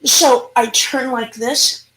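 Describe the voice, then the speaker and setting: Animated woman telling a ghost story. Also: fairly high pitch, takes it slowly. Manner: animated storyteller, acting out dialogue. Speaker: paranormal investigator. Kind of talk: storytelling in an interview.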